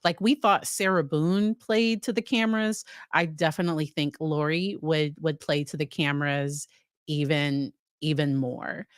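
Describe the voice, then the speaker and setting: Her deep, clean voice stays fairly even and unhurried as this psychologist riffs conversationally on a court case for her stream, greeting chatters by name and often restarting or using fillers. The sound is dry, clean studio audio.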